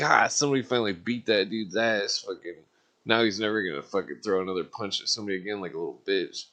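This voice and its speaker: Profane rambling man, low voice. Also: fairly bright tone. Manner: profane, rambling, heavy filler words. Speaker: caller on a live call-in stream. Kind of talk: casual rambling storytelling.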